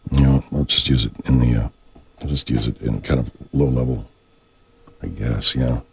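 A man's voice: very deep voice, lively intonation, measured pace, gravelly, pauses often, husky, no room sound. A man hosting a radio show, rambling in a profane, meandering monologue that keeps getting sidetracked. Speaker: radio host.

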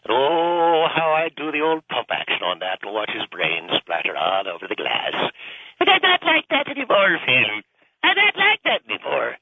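A man's voice: lowish voice, expressive, normal speed, hardly any pauses, no room sound, narrow, tinny audio. A man voicing a pious but violent older Irish priest who used to be a cop, with a lilting Irish accent and a preachy sing-song delivery. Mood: wistful. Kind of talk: comedy radio sketch.

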